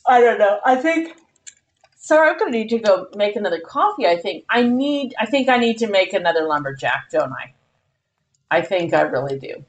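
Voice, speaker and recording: A woman streaming a game live, chatty and animated, exclaiming as she plays. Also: medium pitch, moderate pace, highs cut off. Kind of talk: live gameplay commentary.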